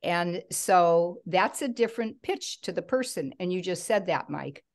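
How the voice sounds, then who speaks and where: Measured low-voiced woman caller. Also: lively intonation. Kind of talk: call-in comment.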